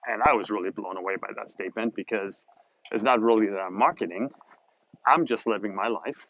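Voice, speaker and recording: Recorded in lo-fi sound, a man with a voice on the low side speaks at a moderate pace. In a relaxed talking-to-camera monologue for his motivational video series in Southern California, he's chatty and upbeat, rambling a little as he relays a conversation.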